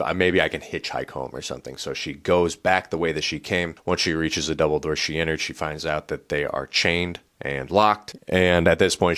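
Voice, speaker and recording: Low-voiced man casually retelling a book. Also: a bit bright. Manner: loose and chatty, with frequent "like" and casual swearing. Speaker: book reviewer.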